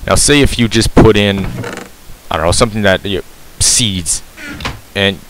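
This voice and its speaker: Low-voiced man explaining a game, rambling. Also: unhurried, background noise. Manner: rambling, self-correcting, frequent ums. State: breathing heavily. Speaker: game tutorial maker. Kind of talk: casual gameplay tutorial. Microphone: cheap mic very close to mouth.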